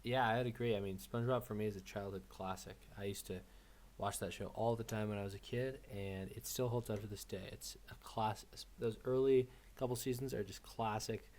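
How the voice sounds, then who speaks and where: A tired man co-hosting a film podcast, talking quietly and casually. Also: on the low side, fairly even intonation, fairly quick, hardly any pauses. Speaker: podcast co-host. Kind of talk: casual chat.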